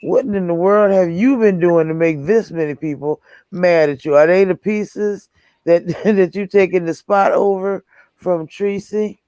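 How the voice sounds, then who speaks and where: High-pitched man in a casual chat. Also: darkish tone, clean tone, dry recording. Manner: chatty, quick to laugh.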